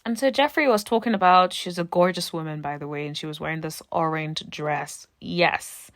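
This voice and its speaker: A woman giving casual, sassy recap commentary on a reality dating show, animated and fond of calling people "honey". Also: low voice, normal speed, dry recording, clean studio sound.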